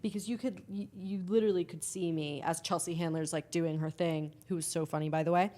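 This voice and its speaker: A woman's voice: on the low side, fairly even intonation, brisk, dark tone. A woman telling a story in casual podcast chat, with many restarts and free swearing. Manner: swears freely. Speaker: guest.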